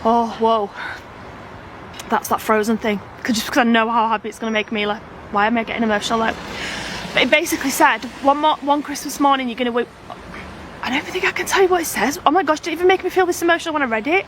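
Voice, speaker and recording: A woman's voice: fairly high pitch, fast, fairly bright tone, slight background noise. A woman with a British accent, a family vlogger chatting to her camera in a gushing, emotional, rambling way. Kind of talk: casual vlog chat.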